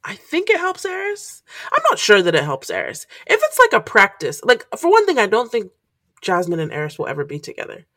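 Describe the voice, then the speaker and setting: A woman co-hosting a podcast, adding wry, dry remarks in casual chat. Her voice sits at a middle pitch and sounds close and dry, with no room echo. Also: huge pitch swings, brisk, fairly bright tone. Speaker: podcast co-host.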